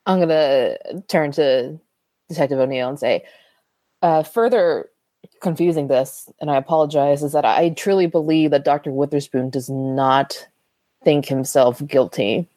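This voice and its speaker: Very low-voiced woman playing a tabletop game. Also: a little slow, dark tone, no room sound. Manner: polite, tentative. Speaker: player. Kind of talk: tabletop role-play.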